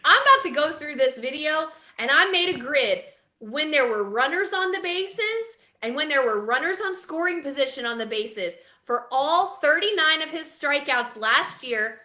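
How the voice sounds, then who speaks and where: A woman co-hosting a casual sports podcast, talking in a dramatic, animated, self-mocking way. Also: high voice, moderate pace, echoey room. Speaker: podcast co-host.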